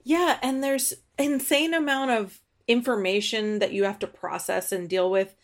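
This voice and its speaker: A woman's voice: on the high side, steady tone, normal speed. A woman hosting a podcast who interviews a guest casually, listening closely and agreeing often. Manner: attentive, with frequent short agreements. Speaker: podcast host.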